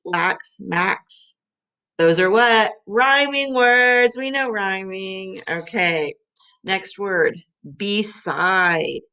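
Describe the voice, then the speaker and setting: A woman's voice: mid-range voice, a bit bright. A woman teacher giving a patient vocabulary lesson for young children, sounding out letters and clapping syllables.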